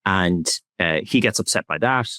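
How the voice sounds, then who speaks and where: A man with a very low, deep voice speaks as a podcast guest, soft-spoken and candidly reflective. The recording is dry and close, with no room sound. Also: animated, moderate pace, no echo. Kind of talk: reflective conversational interview.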